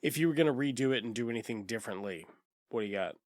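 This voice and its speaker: A man's voice: mid-range voice, lively intonation, very fast, dry recording, studio quality. A man co-hosting a casual movie review podcast, swearing freely, laughing often and acting out lines from the film. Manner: profane, laughs often, acts out characters. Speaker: podcast co-host.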